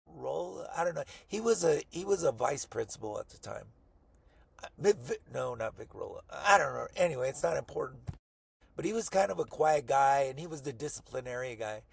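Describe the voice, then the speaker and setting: Rough-voiced guy rambling through an old school story, swears constantly. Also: medium pitch, expressive, brisk. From Colorado, US. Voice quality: gravelly, husky. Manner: rambling, profane, quotes people in his story. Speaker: podcast co-host. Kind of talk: casual storytelling among friends.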